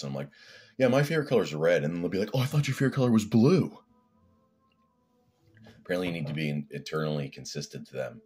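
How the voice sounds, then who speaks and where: A man's voice: very deep voice, breathy edge. A man from Canada rambling casually as a fitness vlogger, laid-back and swearing now and then.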